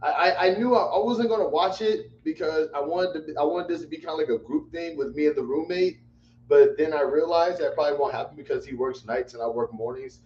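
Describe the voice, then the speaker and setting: A man's voice: on the high side, brisk, darkish tone. Exasperated man rambling on a livestream. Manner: exasperated, rambling, repeats himself. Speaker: livestream host. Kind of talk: casual livestream chat. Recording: echoey room, dull lo-fi mic, faint hum.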